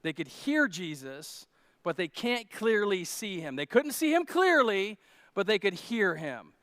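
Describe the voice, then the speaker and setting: A pastor preaching a sermon with animated, dramatic swings in volume and folksy, humorous asides. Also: male voice, sits high, unhurried, dry recording, clean studio sound.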